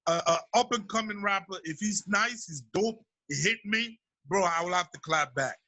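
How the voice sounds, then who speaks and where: A man from Sierra Leone talks through an interview about his rap career, easygoing and conversational. His voice sits high and very bright. The sound is close and dry. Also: moderate pace, dry recording, poor audio. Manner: laid-back, peppers speech with "you know what I mean". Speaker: rapper being interviewed. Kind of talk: casual interview talk.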